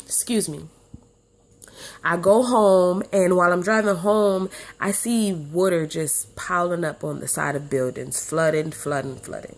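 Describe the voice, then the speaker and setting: Chatty woman telling a personal story. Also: on the low side. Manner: chatty, animated when quoting others. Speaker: student.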